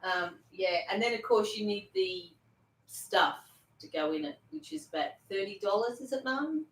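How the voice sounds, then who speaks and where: A woman's voice: mid-range voice, moderate pace, fairly bright tone, echoey room, low-quality recording. A woman with a Norfolk accent, chatting and teasing as co-host of a live chat. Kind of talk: casual live-stream chat.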